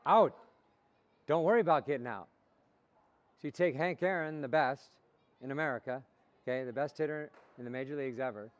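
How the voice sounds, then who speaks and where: A man's voice: mid-range voice, fairly quick, pauses often. A man coaching young baseball players in a motivational talk, asking questions and repeating the answers back. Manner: call-and-response, asks questions and repeats answers. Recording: dull lo-fi recording.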